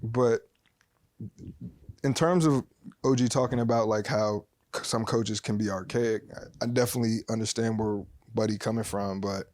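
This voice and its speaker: A man talking casually as a podcast guest, animated and emphatic, full of slang. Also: on the low side, normal speed, no echo, studio quality.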